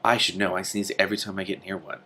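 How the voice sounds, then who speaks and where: A man's voice: sits low, flat delivery, fast, sharp tone, slight background noise. A man reading aloud, voicing a blunt, belligerent dragon. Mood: grumpy. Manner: gruff, belligerent.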